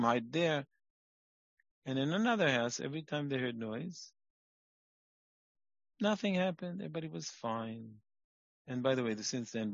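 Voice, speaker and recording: A man giving a lecture on parenting, emphatic, shifting between quiet asides and loud points. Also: mid-range voice, no room sound. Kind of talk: recorded lecture. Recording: dull lo-fi dry recording.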